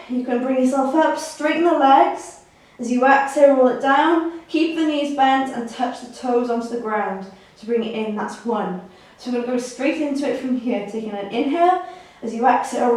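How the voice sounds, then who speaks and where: A woman's voice: sits high, a little mellow. A woman fitness instructor guiding a core workout, counting reps aloud and encouraging the listener. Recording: echoey room, mic at a distance.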